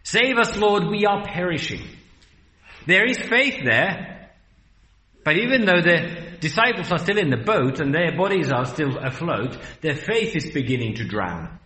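A man's voice: a little high, sing-song, unhurried, sharp tone. Earnest man preaching in an echoey room. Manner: earnest, rhetorical, varies pace for emphasis. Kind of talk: sermon.

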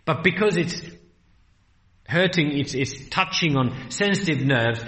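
A man preaching a sermon in an earnest, rhetorical way, slowing down and speeding up for emphasis. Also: on the high side, animated, bright, forceful tone, roomy sound.

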